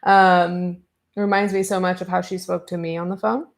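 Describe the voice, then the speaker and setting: A woman hosting a commentary podcast, retelling an online feud in an animated, fired-up way and acting out the exchanges. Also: lowish voice, fast, creaky. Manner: animated, fired-up retelling with quoted back-and-forth. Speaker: podcast host.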